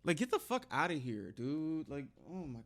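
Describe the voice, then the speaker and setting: A man's voice: a little high, sing-song, normal speed. A man reacting to a true crime story in casual, blunt commentary full of swearing and slang. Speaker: reaction video host.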